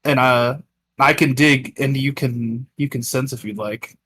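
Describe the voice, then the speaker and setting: A man's voice: mid-range voice, fairly even intonation, fairly bright tone, breathy edge, dry recording. A man playing a tabletop game, speaking hesitantly with restarts. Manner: hesitant, halting. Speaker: player.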